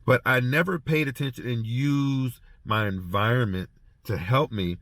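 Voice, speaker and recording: Guy telling stories in a casual reflective way, stumbles and repeats himself, mid pitch, dry sound. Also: a bit bright, no echo. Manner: halting, repeats words while storytelling. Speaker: former prison officer. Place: heading home after treatment.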